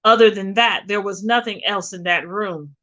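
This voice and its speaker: A woman reading a novel aloud with expressive, dramatic storytelling. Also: medium pitch, normal speed, highs cut off. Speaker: reader.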